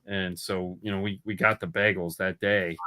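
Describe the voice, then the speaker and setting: A man with a low, bright voice co-hosts a podcast. He talks in loose, rambling casual chat, circling back and repeating himself as he spins out long everyday stories. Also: little pitch movement, moderate pace. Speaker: podcast co-host.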